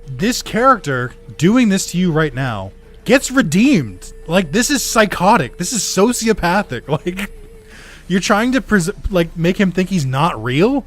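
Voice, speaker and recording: A man's voice: high-pitched, very animated, unhurried, faint music behind. A man streaming a video game, chatting casually, laughing a lot, swearing and ranting about the story. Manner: giggly, laughs often, swears, rants at the story. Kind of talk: casual let's-play commentary.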